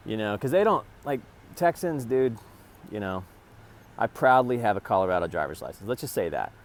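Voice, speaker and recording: A man's voice: lowish voice, very animated, normal speed. A man rambling and swearing in a casual vlog, talking to his phone camera from a parked vehicle. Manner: rambling, profane, talks to camera in bursts. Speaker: vlogger.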